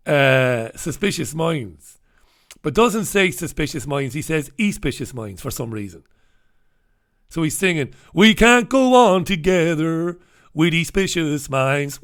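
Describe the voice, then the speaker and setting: A man's voice: medium pitch, a bit bright. A man hosting a show, telling comic stories in a rambling, profane way and laughing between lines. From Ireland. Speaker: host. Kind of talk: comic storytelling on a live show.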